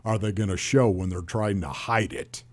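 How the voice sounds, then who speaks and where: A man working as a radio color analyst, talking football in an animated, emphatic way and firing off rhetorical questions. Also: fairly low pitch, moderate pace. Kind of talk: sports talk analysis.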